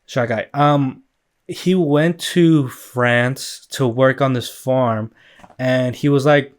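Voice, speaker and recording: A man's voice: medium pitch, fairly even intonation, slow pace. Male podcast host, mid-range voice, loose rambling delivery with plenty of filler words and swearing. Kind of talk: casual solo podcast chat.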